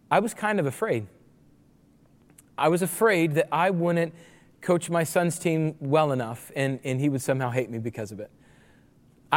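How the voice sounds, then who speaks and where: A man in his forties, a pastor preaching a sermon, telling the story in an animated way and acting out voices of the people. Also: a little high. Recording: long reverb of a large hall.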